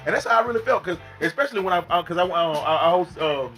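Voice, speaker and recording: A young man chats on a podcast, spinning loud, profane stories and slipping into other people's voices as he goes. His voice sits a little high, and music plays behind him. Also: fast talker, few pauses. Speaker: guest and concert host. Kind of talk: casual podcast chat, storytelling.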